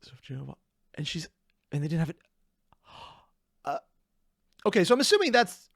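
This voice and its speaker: Excitable reaction host, lively swings. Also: mid-range voice, measured pace, pauses often, no echo, studio quality. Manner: excitable, laughing, self-interrupting. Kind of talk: casual reaction commentary.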